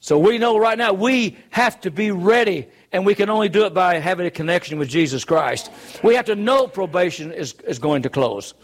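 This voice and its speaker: A man's voice: high-pitched, animated, normal speed, hardly any pauses. A man preaching a sermon, earnest and emphatic, driving his points home with rhetorical questions.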